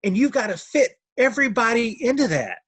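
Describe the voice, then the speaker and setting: A man's voice: extremely high pitch, very animated, a little fast, a bit bright, husky, no room sound. A middle-aged man telling his story as an interview guest, earnest and heartfelt, often repeating his words. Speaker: interview guest, notary signing agent. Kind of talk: emotional personal testimony.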